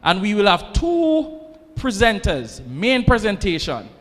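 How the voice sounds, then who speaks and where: A man's voice: sits high, huge pitch swings, unhurried, a bit bright. A man, organizer giving a chatty, informal welcome to students at an event. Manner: chatty and informal, promises and jokes. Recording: reverberant hall, faint ambient noise.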